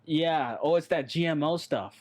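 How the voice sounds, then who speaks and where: A man's voice: a little high, moderate pace, a little mellow. Rambling, blunt man chatting casually. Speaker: podcast co-host. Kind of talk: casual chat.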